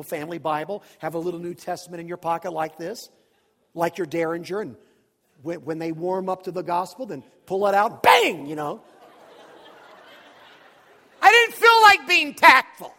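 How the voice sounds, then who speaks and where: A man preaching a storytelling sermon, animated and dramatic, swinging from hushed asides to shouts. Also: fairly high pitch, gravelly. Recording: long reverb of a large hall.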